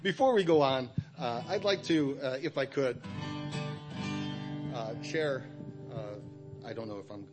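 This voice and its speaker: A middle-aged man giving a personal church testimony, speaking haltingly with frequent restarts. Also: medium pitch, over music.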